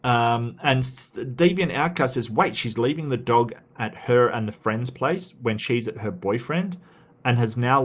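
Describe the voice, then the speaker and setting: Australian male streamer, casual and rambling, reads chat aloud, full of restarts and fillers. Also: medium pitch.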